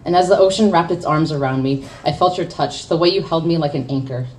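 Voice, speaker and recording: A woman's voice: deep voice, fast, darkish tone. A young woman from the United States performing spoken word poetry at a café open mic, with awkward self-deprecating asides between impassioned poems. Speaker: poet. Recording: distant mic with faint room noise.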